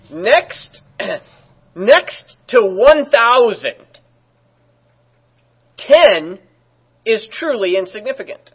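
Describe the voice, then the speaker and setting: A man's voice: extremely high pitch, sing-song, extremely slow, long pauses, slightly rough, muffled recording. A man preaching as a pastor, in a conversational way with joking asides. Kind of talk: sermon.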